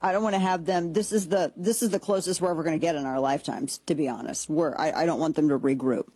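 A woman's voice: sits low, fast talker, mellow, breathy edge, no room sound. A woman hosting a political talk show. She gives opinionated commentary in a sarcastic, blunt and jokey way, and often restarts her sentences.

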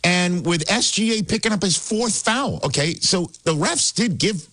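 A man hosting casual sports talk, animated and excitable, laughing as he tells it. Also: high voice, moderate pace, no echo. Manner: animated, excitable, laughs while telling stories.

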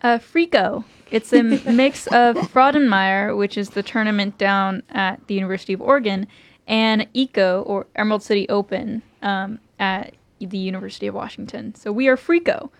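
A young woman co-hosting a podcast chats casually and laughs easily. She speaks at a normal speed with a medium-pitched voice.

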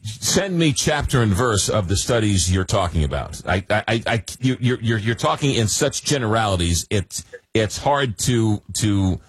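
A man's voice: lowish voice, animated, moderate pace, husky, dry recording. A man hosting a call-in radio talk show, rambling with many fillers and restarts.

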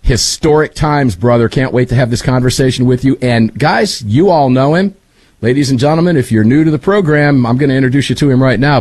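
Energetic male radio host, husky and warm, dry close mic. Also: mid-range voice, no echo. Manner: fast, energetic, chummy. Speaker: radio talk show host. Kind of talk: talk radio hosting. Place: home studio.

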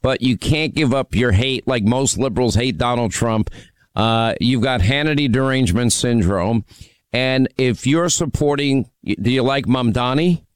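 Brash talk radio guy, smooth resonant voice, dry studio sound. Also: mid-range voice, unhurried, no echo. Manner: brash, needling, mocking. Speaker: radio talk show host. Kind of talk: combative call-in radio talk.

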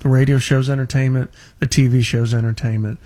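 A man's voice: mid-range voice, level tone, fairly quick, warm tone. A man hosting a chat show, telling a long story in a rambling, emphatic way with many restarts. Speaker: radio and TV show host. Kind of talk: casual chat.

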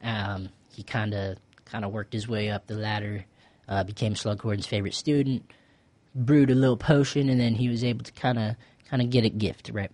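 A man's voice: lowish voice, little pitch movement, normal speed, darkish tone, dry recording. Laid-back young man recapping with fillers. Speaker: podcast host. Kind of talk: casual chat.

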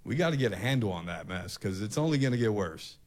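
A man's voice: on the low side, animated, fast talker. A male talk show host delivering an impassioned, ranting opinion monologue, often repeating himself.

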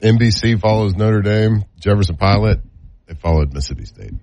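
A man co-hosting a sports radio show, bantering casually and reading ads with wry, drawn-out delivery. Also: fairly low pitch, lively intonation, warm tone, no room sound.

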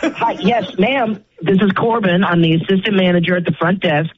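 A man's voice: high voice, fairly even intonation, moderate pace, muffled recording, a crowd in the background. Polite, incredulous male hotel clerk. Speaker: hotel front desk assistant manager. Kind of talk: phone conversation.

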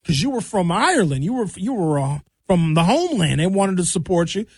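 A man with a fairly high voice rants in a mocking, opinionated monologue. The sound is dry and close, with no room around it. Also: big pitch swings, fairly quick, breathy edge, dry recording. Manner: ranting, mocking. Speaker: commentator.

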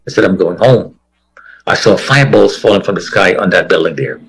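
A man's voice: low-pitched, quick pace, a bit bright, rough recording. A man giving a first-person account in an interview, vividly acting out the voices of the people he quotes. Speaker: interviewee telling a personal story.

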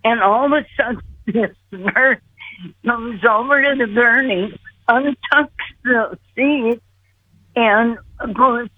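Older female caller, slow earnest storyteller, husky, phone-line audio. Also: a little high, no room sound. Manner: earnest, acts out her own pleas. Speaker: guest recounting near-death experience.

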